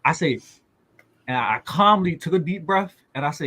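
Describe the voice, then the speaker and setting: Animated storytelling man, higher voice. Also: normal speed, slight background noise. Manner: animated storytelling, acting out both sides of a conversation. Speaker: podcast co-host. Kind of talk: casual chat.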